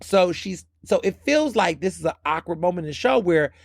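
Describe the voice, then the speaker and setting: A man hosting a podcast, recapping a reality show in casual, animated commentary and slipping into the voices of the people he quotes. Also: high voice, brisk, dry recording, studio quality. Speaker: podcast host.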